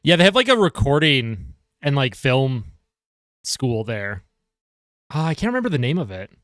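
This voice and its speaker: A man's voice: mid-range voice, big pitch swings, normal speed, a bit bright, dry recording, clean studio sound. A man casually commenting on a hockey game on a live stream, reading and answering viewer chat. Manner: chatty, reads chat aloud and answers viewers.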